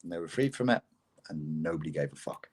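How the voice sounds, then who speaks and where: A man co-hosting a casual podcast conversation, talking in an animated way, swearing freely and building to indignant outbursts. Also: a bass voice, fast talker, husky. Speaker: podcast co-host.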